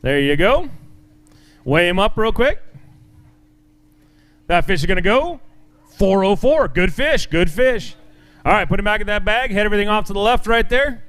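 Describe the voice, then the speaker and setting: A man's voice: high-pitched, expressive, moderate pace, long pauses, fairly bright tone, clean tone. A man emceeing a fishing tournament weigh-in, announcing weights in an upbeat way and joking with the anglers.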